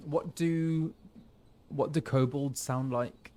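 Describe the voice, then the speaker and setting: A man's voice: fairly high pitch, extremely slow, warm tone. A man giving casual, playful gameplay commentary, musing aloud to himself. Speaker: streamer playing a game.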